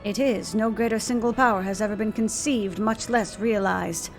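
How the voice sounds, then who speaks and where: A cold, proud imperial lord of a video game, as a woman reads him aloud, measured and condescending in every word. Faint music plays behind him. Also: medium pitch, steady tone, lightly acted. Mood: scheming.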